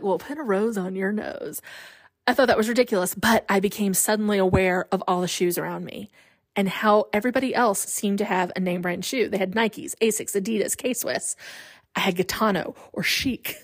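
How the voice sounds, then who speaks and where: A woman's voice: medium pitch, no room sound, studio quality. A woman in her thirties hosting a podcast, telling personal stories in a candid, self-deprecating way. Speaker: podcast host. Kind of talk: personal storytelling.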